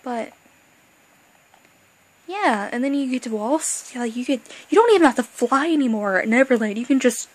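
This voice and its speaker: A young woman chatting excitedly as a fan vlogger, rambling and gushing, with bursts of excitement and quiet asides. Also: sits high, normal speed, pauses often, low-quality recording. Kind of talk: excited casual fan chat.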